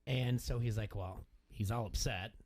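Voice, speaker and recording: A man's voice: lowish voice, moderate pace, darkish tone. A man hosting a sports radio show, telling a story in a rambling way and acting out the quotes. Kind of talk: casual sports talk.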